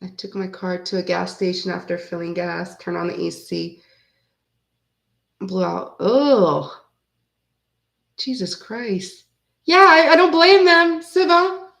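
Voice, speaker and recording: A woman in her forties chats casually with her viewers as she hosts a card reading stream. She rambles from one story to the next and breaks into laughter often. Her voice sits at an ordinary middle pitch and rings in a roomy, echoey space. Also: slow, creaky, pauses often, a bit bright. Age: 40s. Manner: rambling, laughs often while telling stories. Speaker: tarot reading host. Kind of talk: casual livestream chat with viewers. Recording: roomy echo.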